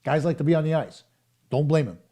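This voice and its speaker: A man's voice: on the high side, a little fast, warm tone. A middle-aged man hosting a live hockey talk stream, arguing his points emphatically and speaking straight to viewers. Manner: emphatic, argumentative, addressing viewers directly. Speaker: hockey show host.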